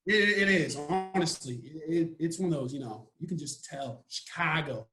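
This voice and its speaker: Brief: young man from Texas, easygoing rambling podcast guest, slightly high voice, echoey room. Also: normal speed, pushed and bright, faint music behind. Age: young adult. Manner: laid-back, rambling, joking. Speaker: college football player guest. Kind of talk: casual podcast interview.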